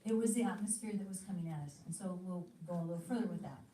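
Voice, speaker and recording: A woman's voice: lowish voice, very fast, dark tone, a little hiss or hum. An American woman giving a teaching talk, telling stories animatedly and acting out her own quoted thoughts. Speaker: ministry teacher. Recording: echoey room, mic at a distance.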